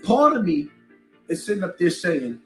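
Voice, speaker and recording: A man in his forties with a high voice rants on a live stream, aggressive, defiant and profane. The room sounds echoey, and faint music plays behind him. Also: big pitch swings, normal speed. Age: 40s. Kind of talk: angry live-stream rant.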